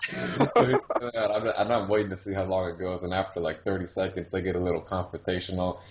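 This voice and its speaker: A man's voice: deep voice, level tone, brisk, echoey room, heavy background noise. A man casually telling a crude story, swearing constantly and laughing as he talks. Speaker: podcast co-host. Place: hot-climate country, not the US. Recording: dull lo-fi audio.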